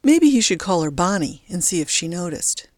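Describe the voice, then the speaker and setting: Low-voiced woman reading a story. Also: big pitch swings, normal speed, a little mellow, no room sound, clean studio sound. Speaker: narrator. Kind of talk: audiobook narration.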